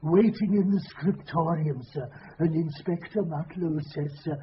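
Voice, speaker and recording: A man's voice: a little high, measured pace, close to an everyday voice. An actor playing a deferential old country butler in a radio drama, apologetic and rustic in his grammar. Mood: earnest. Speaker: butler Rainbird. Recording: muffled radio broadcast, faint hiss.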